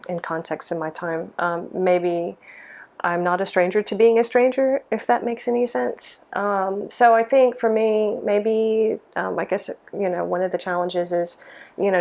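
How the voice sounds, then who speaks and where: A woman's voice: fairly low pitch, gravelly, darkish tone. A middle-aged woman from Mississippi, a lighting designer, answering interview questions in a thoughtful way, with many ums and restarts. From Mississippi, USA.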